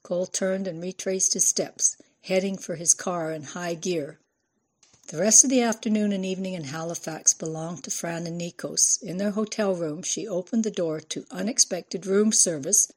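A woman's voice: on the low side, a little mellow, husky. A woman narrating a novel in a scripted reading voice. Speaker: audiobook narrator.

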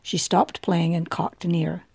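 Casting: woman audiobook narrator, measured and gravelly, low and mellow, dry close sound. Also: little pitch movement.

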